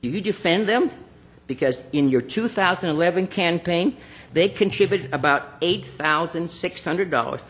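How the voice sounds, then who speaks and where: Man, slightly high-pitched, confrontational, public comment, council chamber, podium microphone. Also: lively intonation, normal speed, fairly bright tone. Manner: accusatory, confrontational; addresses officials by name.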